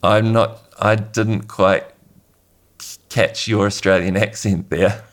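A man's voice: lowish voice, fairly even intonation, slow pace. A man with a New Zealand accent, a researcher answering interview questions in a hesitant, good-humoured way. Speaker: researcher guest.

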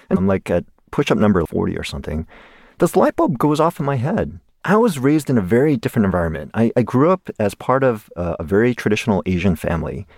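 A man's voice: mid-range voice, huge pitch swings, fast, darkish tone, slightly rough, no room sound, studio quality. A man in his forties from the United States, a guest in an interview telling a personal story animatedly and laughing along the way.

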